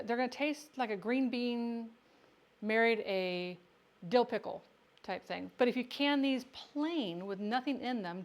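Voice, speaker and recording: A woman hosting a casual livestream about home canning, chatting with viewers and talking to herself as she works. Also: mid-range voice. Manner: chatty, answers viewer questions, talks to herself while working. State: has the hiccups. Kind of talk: casual livestream cooking chat.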